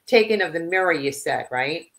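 A woman hosting a casual interview, eager and quick to react to her guests. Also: on the low side, lively intonation. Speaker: host. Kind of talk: casual chat.

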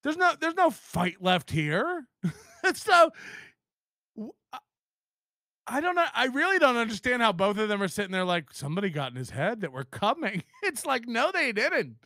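A man's voice: very high-pitched, sing-song, normal speed, pauses often, sharp tone, no echo, studio quality. A man hosting a podcast, ranting in mocking disbelief and laughing often as he reacts to clips. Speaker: podcast host.

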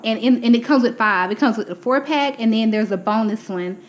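Brisk and a little high-pitched, this young woman presents a casual grocery haul indoors at home, chatting to "y'all" while a little out of breath. The audio is poor.

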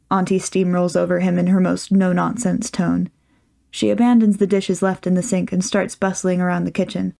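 A woman reading a fan fiction story aloud with lively, wry storytelling. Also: lowish voice, moderate pace, vocal fry. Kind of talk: audiobook narration.

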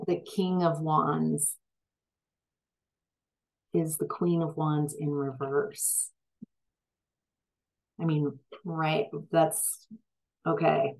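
Low-voiced lady doing a tarot reading, slow, lots of ums and restarts. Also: vocal fry, a little mellow, rough recording. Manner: slow, hesitant, with many fillers and restarts; gets emphatic when frustrated. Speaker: tarot reader.

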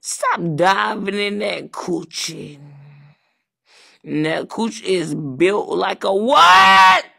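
Woman doing crude taunting roast comedy, super slow drawl, gravelly fry, yells sometimes. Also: medium pitch, very animated, dry recording. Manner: crude, taunting, bursts into shouting. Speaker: comedic host.

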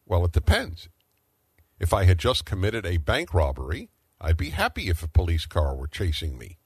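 A man's voice: deep voice, huge pitch swings, normal speed, slightly rough, dry recording. A middle-aged man hosting a talk radio show, arguing emphatically and firing off rhetorical questions.

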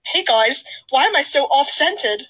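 High, giggly woman in a crude dub. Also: animated, a little slow, fairly bright tone, poor audio. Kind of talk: crude comedic fan dub voice acting.

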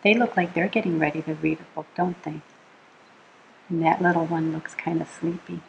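A woman reading a bedtime picture book aloud to children, gentle and soothing, asking the listener little questions as she goes. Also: low-pitched, fairly even intonation, moderate pace, vocal fry, dull audio, slight background noise. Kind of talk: read-aloud storytime.

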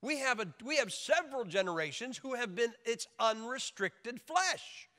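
A man preaching a sermon in an emphatic, joking way, now and then mimicking wailing babies with high shouts. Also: expressive, normal speed. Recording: long hall reverb.

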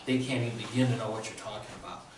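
A man's voice: fairly low pitch, fairly even intonation, racing, slight background noise. A male pastor preaching a sermon in a conversational way with a sore throat, often checking in with the congregation. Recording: very echoey room, distant mic.

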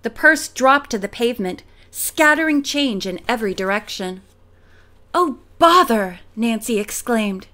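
A woman narrating a mystery audiobook in a clear, steady storytelling manner. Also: on the high side, moderate pace, few pauses. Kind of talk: audiobook reading.

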